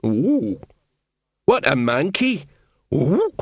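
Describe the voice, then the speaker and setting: A man voicing a big, dim male troll doing customs duty in an audiobook, slow and officious. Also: a little high, wildly swooping pitch, no echo, clean studio sound, voice pushed up, heavily acted.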